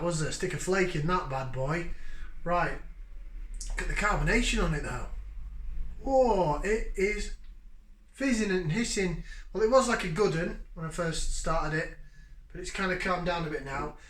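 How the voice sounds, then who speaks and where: A man chats through a casual beer review at home, joking and breaking into lively bursts of enthusiasm. His voice sits a little high and rings bright and forceful. The room around him is noticeably echoey. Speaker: beer review channel host.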